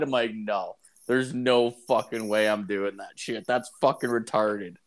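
This young Canadian man speaks in a mid-range voice at normal speed, barely pausing as he tells crude stories in casual chat. He rambles, swears, and fills his talk with lots of fillers.

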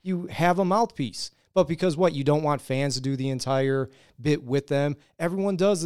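A man from the Chicago area with a higher, clear voice, pressing his points firmly in casual chat. The recording is dry and up close. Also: normal speed, few pauses, darkish tone, no room sound. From Chicago area, USA. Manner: emphatic, argumentative. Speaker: podcast co-host.

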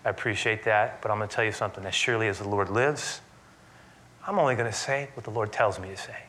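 Defiant, sarcastic prophet, played by a preaching man: blunt and stern, bright tone. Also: fairly low pitch, fast talker, slight background noise, voice pushed down. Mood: firm. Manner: sarcastic, mocking, then stern.

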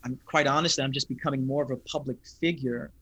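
A man, a pastor, talking in an interview in an earnest, thoughtful, unhurried way. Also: mid-range voice, steady tone, bright, forceful tone, breathy edge, no echo. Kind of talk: reflective interview talk.

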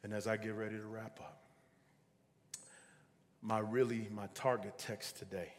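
A man's voice: fairly low pitch, level tone, a little slow. A man preaching a sermon, emphatic and repeating his key lines for weight. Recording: long hall reverb.

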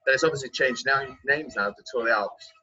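A man's voice: mid-range voice, brisk, pushed and bright, slightly rough. A man, hosting a casual chat and telling stories with jokey asides. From Wales. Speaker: podcast host, pro cyclist. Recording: dull lo-fi sound, faint music.

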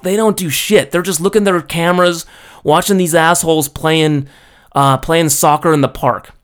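A man vents to the camera in a loose, profane monologue. He sounds exasperated and restarts his sentences often, tossing in "okay?" and "you know?" as he goes. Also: on the high side. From foreigner living in Japan. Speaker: storyteller. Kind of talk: casual ranting monologue.

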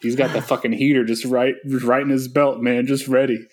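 A man's voice: medium pitch, flat delivery, brisk. A man in casual chat, laid-back and profane, laughing often.

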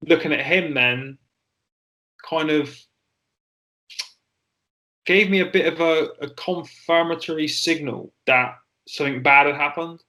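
Candid man with a bright voice. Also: on the high side, rough recording. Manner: candid, halting, with frequent fillers and swearing. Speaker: interview guest, former soldier. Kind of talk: personal storytelling in an interview.

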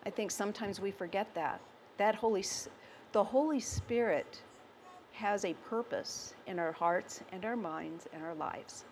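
Slow, emphatic woman preaching a sermon. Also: medium pitch, a little hiss or hum. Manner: conversational, asks the congregation questions.

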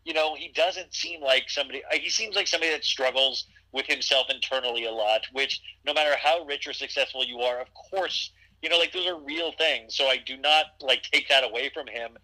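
A male podcast host in relaxed conversation, his voice strikingly bright and ringing. He rambles, restarts sentences and leans on fillers as he works out his thoughts. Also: medium pitch, brisk, hardly any pauses, rough recording. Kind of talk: casual chat.

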